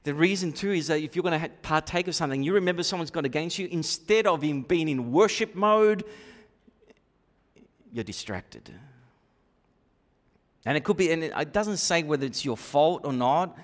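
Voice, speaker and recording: A man preaching a sermon in a church, swinging between loud emphatic bursts and quiet asides. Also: on the high side, expressive, moderate pace, long pauses. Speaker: pastor. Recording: long reverb of a church hall.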